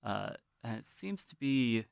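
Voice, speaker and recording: A man narrating a tabletop horror game as game master, unhurried and searching for words as he sets scenes. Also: medium pitch, sing-song, creaky, dry recording, studio quality.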